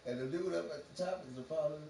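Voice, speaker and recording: A man's voice: fairly high pitch, fast talker, gravelly, warm tone. A man on a livestream, rambling through a profane, free-associating monologue and laughing often. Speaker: livestream host. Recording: roomy, distant from the mic, faint background noise.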